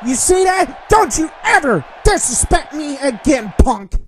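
A man voicing a brash male heel wrestler in a game, throwing shouted taunts and insults. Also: very high voice, big pitch swings, a little slow, some chatter behind, slight background noise, full character voice, poor audio. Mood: taunting. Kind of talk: role-play voicing a game character.

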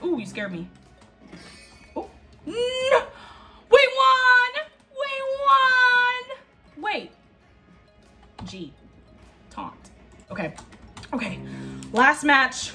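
Woman, gameplay commentary, excitable, repeats herself, very animated pitch, bright tone. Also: moderate pace, pauses often, faint music behind. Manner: excitable, talks to herself, repeats phrases, yelps and laughs. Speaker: gaming video host.

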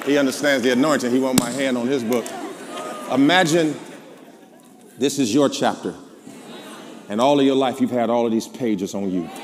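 A man with a Southern American accent, a pastor preaching a sermon, calling out to the congregation and then dropping into low asides. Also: moderate pace, pauses often, long reverb tail. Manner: call-and-response preaching, swings from shouting to low asides. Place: large church before a live congregation. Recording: live church with crowd and noise. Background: congregation responding.

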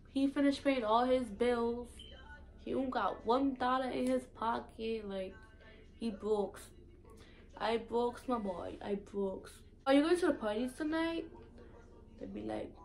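A woman's voice: on the high side, a little slow. A young woman from the US Virgin Islands with a Virgin Islands Creole English accent, chatting casually in a vlog and acting out local sayings. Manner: animated, acts out local sayings in a lively voice. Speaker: vlogger. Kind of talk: casual accent tag video.

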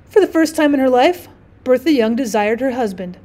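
A woman teacher narrating a classic short story as an audiobook, measured and expressive. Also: high-pitched.

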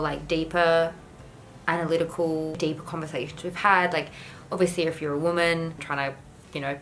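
A young woman YouTuber talks candidly to the camera in a home vlog, her voice deep and a bit bright. She rambles earnestly, leaning heavily on "like" as a filler. The audio quality is poor.

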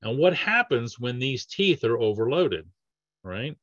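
A man's voice: mid-range voice, very animated, a little slow, a bit bright, no room sound, lo-fi sound. A man, a dentist, talking through patient cases in a casual training presentation, with lots of fillers and restarts. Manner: conversational, with many fillers and restarts. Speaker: dentist giving a training webinar.

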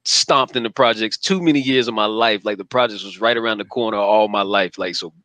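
A man's voice: lowish voice, a little fast, fairly bright tone, dry recording. A man hosting a podcast, asking questions in a laid-back, joking way. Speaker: podcast host. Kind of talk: casual interview.

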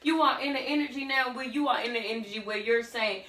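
A woman's voice: high-pitched, moderate pace, a bit bright, far from the mic. A woman doing a casual tarot reading, sassy and blunt, calling the listener honey and baby girl. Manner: sassy, blunt, calls listener pet names. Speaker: tarot reader. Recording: roomy echo, off-mic.

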